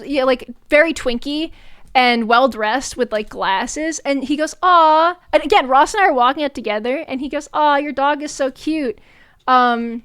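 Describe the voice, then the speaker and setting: A young adult woman streamer telling a story in casual chat, animated, swearing often and laughing between lines. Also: sits high, no room sound, clean studio sound.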